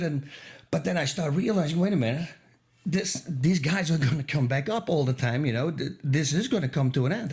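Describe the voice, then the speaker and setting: A man casually telling a wild personal anecdote as a guest, animated and laughing at his own story. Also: fairly high pitch, normal speed.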